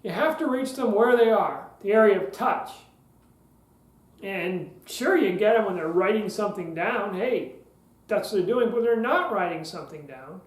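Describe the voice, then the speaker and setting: A man's voice: high voice, lively intonation, moderate pace, reverberant, rough recording. A man hosting a podcast lesson on public speaking, talking in a conversational way with joking asides.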